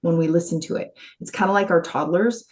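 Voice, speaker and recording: Female coach as podcast guest, lowish voice, earnest and animated, laughs easily. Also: fairly quick. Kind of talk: conversational interview.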